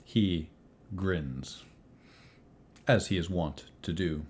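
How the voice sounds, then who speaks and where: A man's voice: deep voice, extremely slow, slight background noise. A man narrating and voicing characters as game master, with a dry, sardonic delivery.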